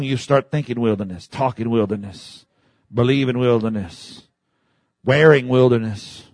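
A man's voice: medium pitch, a little mellow, no room sound. A man preaching a sermon with fervent, emphatic delivery and repeated phrases.

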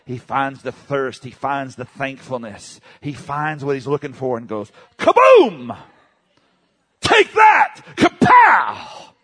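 A male pastor preaching a charismatic sermon, dropping to low murmurs and then shouting exclamations, and having the congregation repeat phrases after him. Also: steady tone, normal speed, few pauses.

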